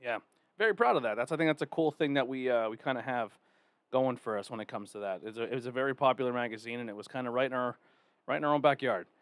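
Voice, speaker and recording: Relaxed male podcast host, dry sound. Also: mid-range voice, quick pace, dry recording. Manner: plugs links and steers the rundown, relaxed and chatty. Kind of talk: casual podcast chat.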